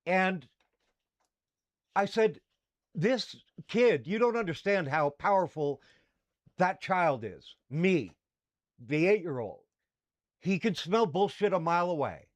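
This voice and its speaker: A man's voice: high voice, lively intonation, slow, pauses often. A middle-aged man, hosting a talk show and telling a personal story in a candid, rambling way with fillers and restarts. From Canada. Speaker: podcast host.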